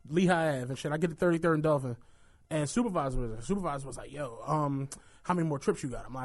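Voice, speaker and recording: A young man, co-hosting a podcast in casual chat, telling stories in an animated way and acting out what people said. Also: fairly high pitch, fast. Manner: animated storytelling, acts out quotes, swears freely. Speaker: podcast co-host.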